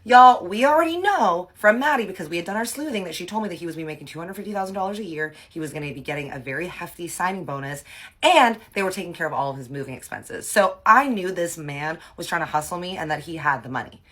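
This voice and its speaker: A woman vlogger telling a personal story in an animated, dramatic, slangy way. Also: lowish voice, fast talker. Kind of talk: storytime vlog.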